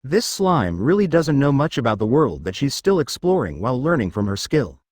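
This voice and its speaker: Brief: male narrator reading fan fiction, animated pitch, dry close sound. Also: moderate pace, no echo. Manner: plain storytelling narration.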